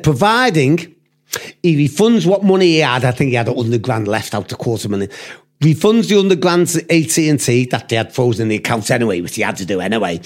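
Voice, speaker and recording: Scouse man telling a rambling story. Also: a little high. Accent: Liverpool. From Liverpool, England. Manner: rambling, sweary, acts out quoted voices. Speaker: podcast guest storyteller. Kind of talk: casual storytelling chat.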